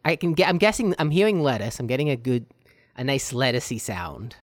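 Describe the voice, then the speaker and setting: A man's voice: mid-range voice, animated, a little fast. A man guesting on a casual podcast, playful and teasing, joking with the hosts. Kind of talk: casual chat.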